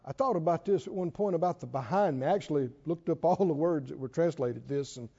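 A man preaching a sermon, emphatic and animated, stretching key words slowly and chuckling between points. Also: a little high, breathy edge. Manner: animated, emphatic, with slow drawn-out stresses and chuckles. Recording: dull sound with long hall reverb.

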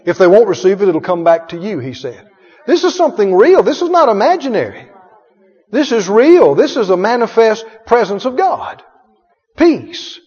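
A man's voice: sits high, sing-song, moderate pace, a little mellow, husky. A male pastor preaching with emphatic call-and-response and frequent chuckles. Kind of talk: sermon. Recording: echoey hall, dull sound.

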